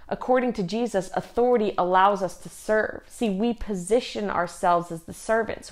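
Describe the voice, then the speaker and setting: A woman teaching a youth group in an earnest, conversational way, reading scripture aloud along the way. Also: medium pitch.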